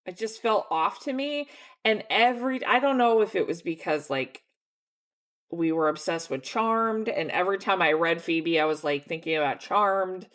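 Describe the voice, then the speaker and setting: A woman's voice: lowish voice, a bit bright. A young woman co-hosting a book club podcast, talking casually and laughing often in a playful way. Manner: giggly, playful, quick to laugh.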